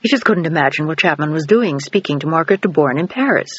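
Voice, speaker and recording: A male audiobook narrator with a fairly high voice tells the story in a steady, even manner. The sound is dry and close, with a dull, muffled top end. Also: fast talker, slightly rough, no room sound. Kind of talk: scripted narration. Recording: dull, dry studio recording.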